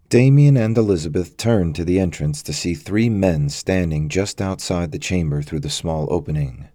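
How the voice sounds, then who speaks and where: A very low, mellow male voice reads an adventure story at a measured, steady pace. The recording is close and dry, without room sound. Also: no room sound. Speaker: audiobook narrator. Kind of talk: scripted narration.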